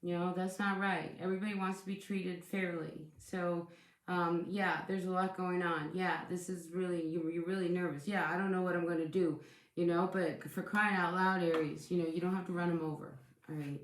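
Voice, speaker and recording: A woman's voice: on the low side, flat delivery, normal speed. Chatty woman reading tarot, echoey room. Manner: chatty, reassuring, repeats words and restarts often. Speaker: tarot reader.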